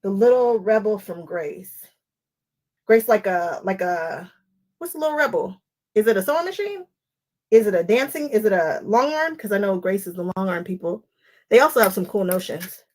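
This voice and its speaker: Her medium-pitched voice is a little mellow, with lively intonation at normal speed, as she runs the quilting livestream, chatting loosely about paper piecing, going off topic, and calling out viewers by name.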